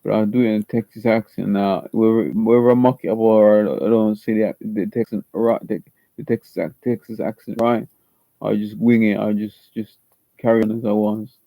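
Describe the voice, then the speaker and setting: A man's voice: on the low side, level tone, normal speed, gravelly, mellow, no room sound. A man speaking casually between audition takes, rambling and restarting his sentences. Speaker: drama applicant. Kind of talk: casual aside to camera. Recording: slightly muffled lo-fi recording.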